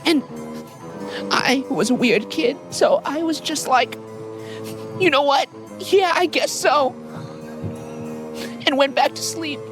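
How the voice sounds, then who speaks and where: A man's voice: very high voice, slow pace, long pauses, voice pushed up, exaggerated voice. A man putting on a timid little girl. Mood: uneasy storytelling. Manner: hushed storyteller, childlike unease. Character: timid little girl telling a creepy childhood tale. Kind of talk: comic storytelling voice on a livestream. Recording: music playing underneath.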